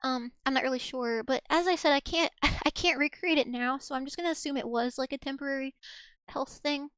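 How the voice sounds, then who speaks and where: A woman's voice: high-pitched, a little fast, a bit bright, no echo. A woman VTuber streamer in casual livestream chat, rambling along with lots of fillers and restarts.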